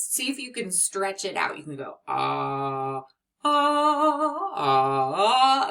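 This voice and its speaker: A woman teaching a children's phonics lesson, gentle and encouraging, who sounds out and stretches letter sounds. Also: medium pitch, recorded from a distance.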